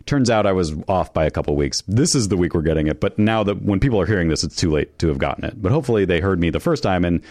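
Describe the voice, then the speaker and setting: Deep dry-voiced laid-back man. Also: lively intonation, quick pace, hardly any pauses, a little mellow, dry recording. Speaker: podcast co-host. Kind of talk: casual ad-read banter.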